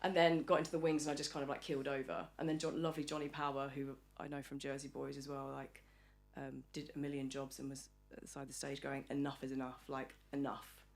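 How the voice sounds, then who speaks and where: Fast-talking low-voiced Englishwoman. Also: flat delivery, creaky, soft background music. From England. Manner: chatty, acts out quoted voices. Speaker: podcast guest. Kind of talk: casual chat.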